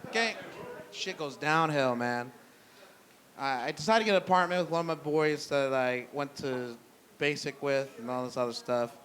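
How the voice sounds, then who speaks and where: A young man telling a profane stand-up story on a brewery stage, loose and conversational, dropping low for punchlines. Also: normal speed, a bit bright. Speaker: stand-up comedian. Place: brewery stage before a live audience.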